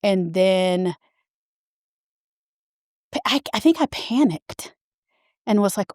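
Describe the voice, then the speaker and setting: A woman in her fifties recounts a personal experience in an earnest, halting way and keeps circling back to restart her sentences. Her voice sits at an ordinary middle pitch. It is recorded close and dry, with no room sound. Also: animated, darkish tone, no echo. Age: 50s. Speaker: podcast guest sharing her story. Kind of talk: personal storytelling.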